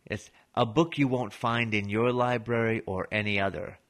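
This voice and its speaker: A man reading out the lines of a brooding male street prophet, low, hushed and slow. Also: fairly even intonation. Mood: ominous. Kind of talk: reading a script aloud.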